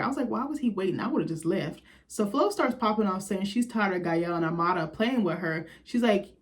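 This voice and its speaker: A woman chats her way through a reality TV recap in a blunt, gossipy voice. She swears freely and laughs often, and her pitch leaps up when something amuses her. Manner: blunt, profane, gossipy commentary with quoted reactions. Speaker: recap host.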